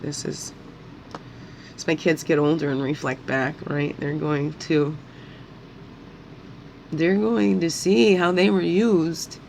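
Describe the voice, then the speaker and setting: A woman's voice: on the low side, slight background noise, rough recording. A woman talking through her feelings in an emotional, rambling monologue, at times crying and repeating her words as her voice rises. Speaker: spiritual guidance vlogger.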